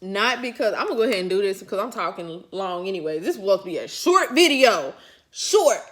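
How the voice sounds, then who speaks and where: Speaking directly to her audience, this woman vlogger shares a personal story in relaxed, colloquial talk, laughing softly throughout. Her mid-range voice is expressive, brisk, and fairly bright.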